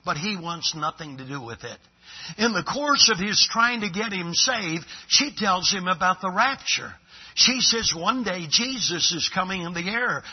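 A husky, fairly high-voiced man preaching a revival sermon. He tells stories, dropping to a hush and then rising to emphatic lines. The recording sounds dull and lo-fi. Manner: storytelling, swinging between hushed and emphatic.

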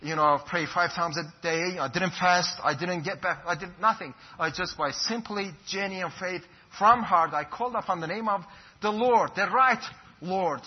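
A man's voice: sits high, normal speed, husky. A man from Iran, a pastor giving an earnest, fervent personal testimony. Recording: dull lo-fi recording.

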